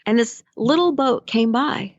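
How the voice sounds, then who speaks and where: A woman's voice: on the high side, unhurried, dry recording, lo-fi sound. A woman life coach hosting a motivational podcast, speaking conversationally and telling stories. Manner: conversational, storytelling. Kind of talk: motivational solo podcast talk.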